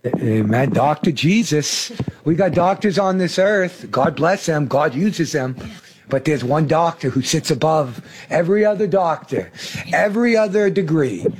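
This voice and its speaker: A man's voice: on the high side, lively intonation, unhurried, slight background noise. A man hosting a faith talk, preaching fervently about salvation and healing. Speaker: host.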